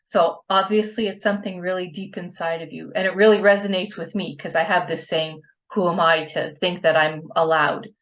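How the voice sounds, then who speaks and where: A woman's voice: lowish voice, fairly even intonation, normal speed, hardly any pauses, fairly bright tone, highs cut off. Earnest, encouraging woman on a call. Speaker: participant. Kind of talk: supportive share.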